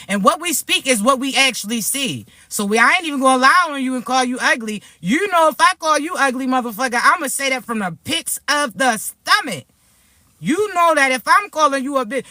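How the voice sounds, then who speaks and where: A woman's voice: sits high, sharp tone, no echo. A woman spiritual reader talking straight to her followers in a vlog, blunt and streetwise, swearing freely as she warns off enemies. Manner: blunt, profane, fired-up warnings; talks hard and streetwise. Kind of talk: direct-to-camera spiritual vlog.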